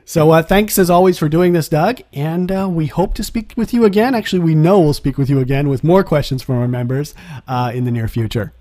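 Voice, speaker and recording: A man's voice: on the high side, fairly quick, dark tone. A man hosting an interview, chatty and affable, thanking his guest and signing off. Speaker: podcast host.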